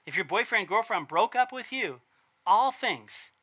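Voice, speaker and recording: A man's voice: high voice, animated, a little slow, pushed and bright. A man preaching a casual, conversational sermon, asking rhetorical questions and correcting himself as he goes. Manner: chatty, asks rhetorical questions, self-corrects.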